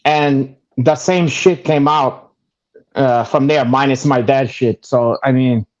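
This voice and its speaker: A man's voice: mid-range voice, fairly even intonation, slow, lo-fi sound. A man co-hosting a casual podcast, joking bluntly and swearing a lot. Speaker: co-host.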